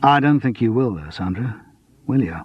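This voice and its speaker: A man voicing a calm, quietly insistent man questioning someone, in a storybook reading. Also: mid-range voice, breathy edge. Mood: probing. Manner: measured, persistent, cool. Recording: dull lo-fi dry audiobook recording.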